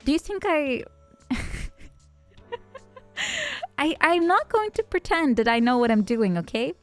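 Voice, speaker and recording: A bubbly woman streamer with a fairly high voice chats easily and laughs often while she greets people by name. Soft music plays low behind her. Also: sing-song, unhurried. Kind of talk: casual livestream chat.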